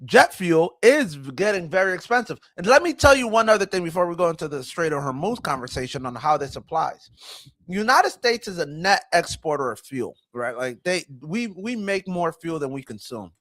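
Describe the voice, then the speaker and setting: A man hosting a casual commentary show, talking in an animated way, with rhetorical questions and mocking voices. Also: on the high side, moderate pace. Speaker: show host.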